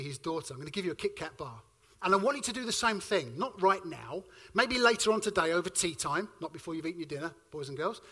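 A man, preaching a sermon and telling stories with lively swings between loud and hushed delivery. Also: high voice, slightly rough.

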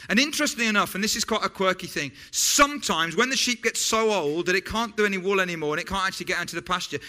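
A man preaching in a loose, conversational way, often tripping over his words and tossing in small jokes. His voice sits high for a man and sounds very bright and sharp. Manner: chatty, self-interrupting, jokey asides. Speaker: pastor. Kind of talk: sermon.

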